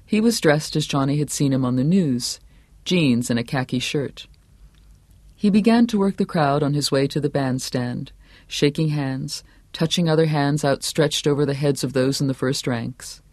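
A man reading a novel aloud in steady, scripted narration, dropping to a quieter voice for the hero's thoughts. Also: on the high side, normal speed, no room sound. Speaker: audiobook narrator.

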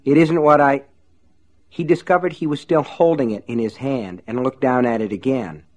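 A man narrating a novel aloud, steady and measured in his storytelling. His voice sits at a middle pitch for a man. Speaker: audiobook narrator. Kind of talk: scripted narration.

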